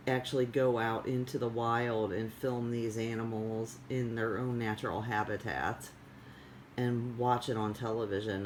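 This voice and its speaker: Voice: medium pitch, darkish tone, a little hiss or hum, poor audio. A vlogger chatting casually in a rambling, digressive way with many fillers. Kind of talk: casual chat.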